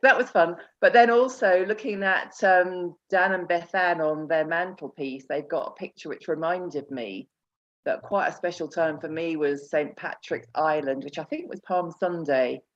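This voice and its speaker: A woman's voice: lowish voice, moderate pace, dull audio. A woman on a church video call, chatty and laughing easily as she shares memories. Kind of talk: casual chat.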